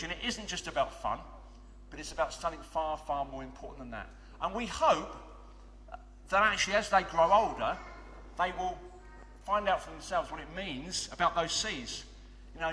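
A man's voice: on the high side, pushed and bright, a little hiss or hum. A man leading a church children's club and speaking earnestly to a congregation, with fillers and restarts. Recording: long reverb of a big hall.

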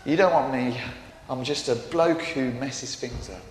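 A man voicing a humble, self-doubting adult fisherman, speaking low and softly with hesitations. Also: expressive, measured pace, slight background noise, natural voice. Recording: echoey hall with faint ambience.

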